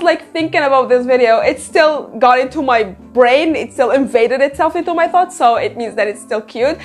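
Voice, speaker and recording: A young woman reviewing books to camera in a casual, gushing, excitable way, swearing freely. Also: sits high. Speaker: book reviewer.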